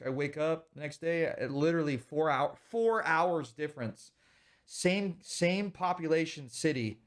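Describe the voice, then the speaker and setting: A man in his thirties ranting heatedly and profanely on a livestream, stopping to thank viewers. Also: fairly high pitch. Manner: thanks viewers for donations mid-rant. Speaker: streamer reacting to videos. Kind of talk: casual livestream rant.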